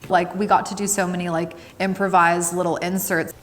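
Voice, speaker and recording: A woman's voice: fairly low pitch, little pitch movement, a little fast, big-room sound. A woman, an actor, talking casually and upbeat in an interview.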